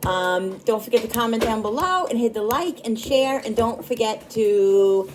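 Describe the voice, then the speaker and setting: A woman's voice: a little high, expressive, moderate pace, a crowd in the background, poor audio. A woman in her fifties hosting a casual home cooking vlog from her kitchen, chatty and bubbly, laughing often. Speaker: cooking channel host.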